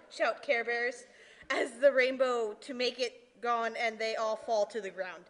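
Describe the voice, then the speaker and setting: A woman reads a silly story in deliberately broken English, giggling now and then. Her voice is high and she takes it very slowly. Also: fairly even intonation, fairly bright tone, slight background noise. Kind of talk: deadpan comic reading in broken English.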